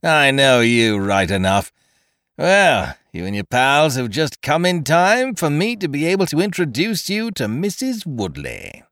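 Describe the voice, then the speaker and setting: A man doing a brutal young bully, loud and jeering, his voice swinging up and down as he gloats. It is close and dry on the mic. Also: on the high side, very animated, a little slow, no echo, voice pushed up, full character voice. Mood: gloating.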